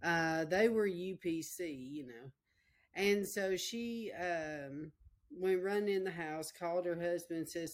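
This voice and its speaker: Slow, low-voiced woman preaching. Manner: emotional, repetitive storytelling, addresses listeners directly. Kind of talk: sermon with personal testimony.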